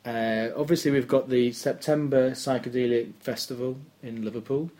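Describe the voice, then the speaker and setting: A man hosting a podcast in casual chat, halting often with restarts and fillers as he talks. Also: mid-range voice, steady tone, mellow. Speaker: podcast host.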